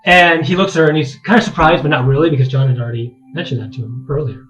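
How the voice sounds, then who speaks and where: A man working as dungeon master, narrating a tabletop game in a halting way full of restarts. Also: a little high, a bit bright, poor audio.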